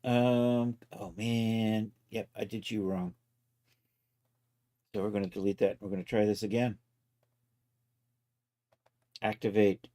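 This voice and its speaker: A man casually talking himself through each step of a software task on a live stream, loose and self-mocking. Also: fairly low pitch, little pitch movement, slow, pauses often. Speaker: livestreaming 3D content creator.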